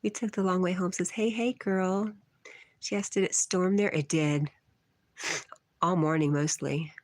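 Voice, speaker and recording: A woman's voice: fairly low pitch, steady tone, a little slow, no echo. A middle-aged woman hosting a casual livestream from her porch, reading chat comments aloud, teasing and laughing often.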